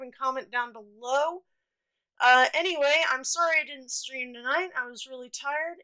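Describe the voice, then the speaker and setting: A woman's voice: high voice, fairly bright tone, smooth, poor audio. A young woman casually telling stories from her childhood, chatty and rambling with lots of fillers and restarts. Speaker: storytime vlogger. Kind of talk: casual storytelling.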